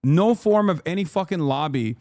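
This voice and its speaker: A man's voice: fairly high pitch, animated, normal speed, darkish tone, no echo. A man giving sarcastic, heated commentary on a clip during a live stream. He swears often.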